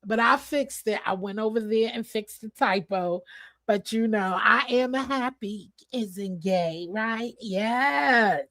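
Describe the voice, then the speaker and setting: A woman hosting a casual livestream chat with her viewers, expressive and chatty, laughing often and swearing casually. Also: a little high, slow pace, dry recording. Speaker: livestream host.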